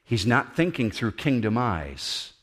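A man preaching a sermon as pastor, animated and acting out the voices he quotes. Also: mid-range voice, unhurried, slightly rough. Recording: long hall reverb.

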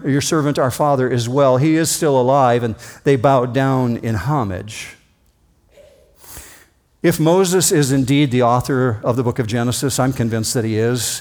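A man preaching a sermon as a pastor, reading scripture aloud and acting out quoted greetings with expressive delivery. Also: medium pitch.

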